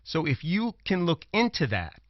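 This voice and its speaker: His fairly high voice swoops wildly in pitch at a normal pace as this Brooklyn, New York commentator and former prosecutor hammers his political points, repeating phrases for emphasis. The talk show clip has a dull, dry, lo-fi sound.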